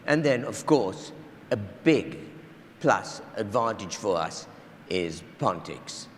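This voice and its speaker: A man explaining a technical point in a lecture, measured and clear. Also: on the low side, animated, slight background noise. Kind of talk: conference lecture. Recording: reverberant hall, faint ambience.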